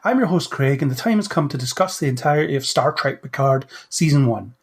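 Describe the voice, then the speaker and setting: A man's voice: fairly high pitch, animated, a little fast. A man hosting a casual podcast in a slightly raised voice. He keeps the mood playful with jokey sci-fi banter and runs the show with an easy, chatty manner. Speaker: podcast host. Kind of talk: casual podcast chat with scripted intro.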